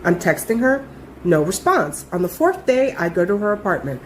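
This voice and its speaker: A young adult woman telling a story in a casual, animated way, full of swearing and emphasis. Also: medium pitch, normal speed, slight background noise.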